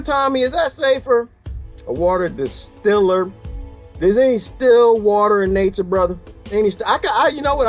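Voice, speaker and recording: A man ranting casually to his viewers, animated and laughing often as he answers their comments. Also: sits high. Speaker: channel host talking to viewers. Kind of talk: casual livestream rant.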